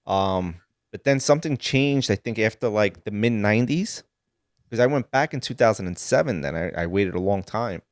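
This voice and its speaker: A man who grew up in Sicily, a guest telling animated stories in casual chat. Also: on the low side, normal speed, dry recording, clean studio sound. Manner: animated storytelling with laughs.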